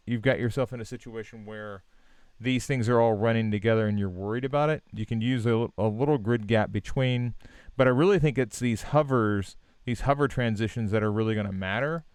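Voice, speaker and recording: A man hosting a live stream, giving relaxed, encouraging design feedback with many fillers and restarts. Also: mid-range voice, normal speed, clear, resonant tone, dry recording. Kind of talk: casual live-stream critique.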